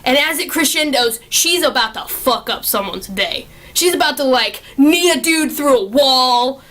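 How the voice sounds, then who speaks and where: A young woman with a bright, high voice chats casually about a film she loves. Her talk is excitable and gushing, peppered with swearing and constant fillers as she rambles from one favorite moment to the next. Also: unhurried. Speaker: movie reviewer. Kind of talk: casual chat.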